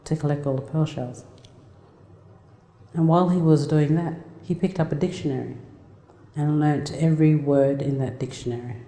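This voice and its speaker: A woman in her forties speaks as a guest speaker, heartfelt and conversational, often restarting her sentences. Her voice is very dark and mellow. A long, echoey reverb from the lecture hall surrounds her. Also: low voice. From Australia. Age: 40s. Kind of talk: personal storytelling talk.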